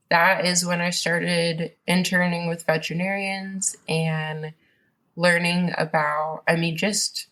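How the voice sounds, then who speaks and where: Low gravelly woman rambling through a story, lots of um and you know. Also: fairly bright tone. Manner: rambling, many fillers and restarts. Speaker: podcast guest. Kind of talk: casual storytelling interview.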